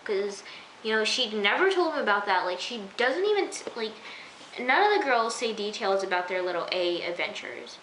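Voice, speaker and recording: A woman chatting through an episode review, acting out her own reactions and sometimes dropping into a soft near-whisper. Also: medium pitch, expressive, moderate pace, slight background noise. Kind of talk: casual episode review vlog. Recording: echoey room.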